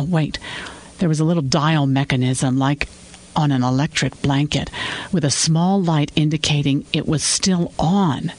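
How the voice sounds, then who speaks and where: Man narrating a crime story. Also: fairly high pitch. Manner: measured storytelling. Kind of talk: scripted fiction narration.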